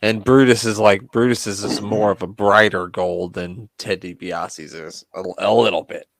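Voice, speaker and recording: A man's voice: lowish voice, fairly even intonation, normal speed, gravelly, no echo. A man from the Midwest co-hosting a wrestling podcast, joking and swearing as he chats, laughing often. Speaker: podcast co-host. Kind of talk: casual wrestling chat.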